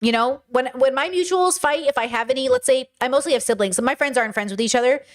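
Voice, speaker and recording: A woman's voice: high-pitched, fast. A woman hosting a livestream, answering viewers' chat questions in an earnest, emphatic way.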